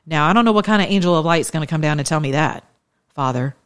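A woman's voice: low voice, quick pace, smooth. A woman in her thirties giving an informal, conversational sermon with impassioned, shifting pace. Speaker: preacher.

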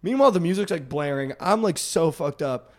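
A young man co-hosting a podcast, telling a story in casual chat, animated and full of "like" and "dude". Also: fairly high pitch, brisk. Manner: animated, heavy use of "like" and "dude", acts out quotes. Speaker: podcast co-host.

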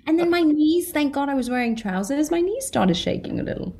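Lively British actress, laughing a lot. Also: female voice, high voice, brisk, slight background noise. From Britain. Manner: animated, laughs often, acts out quotes. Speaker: actress guest. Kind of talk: casual interview chat.

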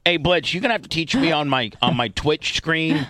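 A man's voice: fairly high pitch, animated, normal speed, pushed and bright. A man hosting a radio talk show, bantering crudely and bossily with his crew. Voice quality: profane, blunt, bossy.

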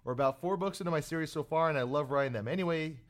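A man's voice: on the high side, rapid-fire. A man in his twenties co-hosting a podcast, rambling and self-deprecating with lots of fillers. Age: 20s. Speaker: podcast co-host. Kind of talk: casual chat.

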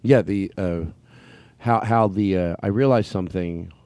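A man's voice: low-pitched, measured pace, darkish tone. A man hosting a podcast after-show, chatting casually in a meandering way, full of fillers, restarts and self-interruptions. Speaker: comedian podcast host. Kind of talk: casual rambling chat.

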